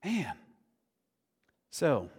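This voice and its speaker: A man's voice: on the high side, huge pitch swings, drawn-out words, darkish tone, breathy edge. A man preaching a sermon in an earnest, conversational way that builds to emphatic declarations. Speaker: pastor. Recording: long reverb of a large hall.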